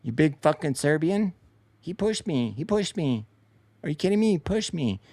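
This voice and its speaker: A man's voice: on the high side, big pitch swings, moderate pace, mellow, no room sound, voice pushed up. A man putting on the voice of a whiny male pro basketball player, mocking him with repeated complaints.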